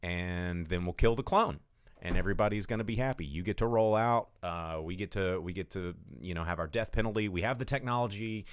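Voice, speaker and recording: A man voicing a smooth-talking foreign police official in a movie recap, brisk and matter-of-fact about a deal. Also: sits low, no room sound, clean studio sound, close to an everyday voice.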